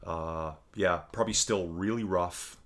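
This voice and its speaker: Canadian male streamer, low-pitched, loose and rambly, race commentary mixed with chat. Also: unhurried. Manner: rambling, chatty, reads viewer chat aloud.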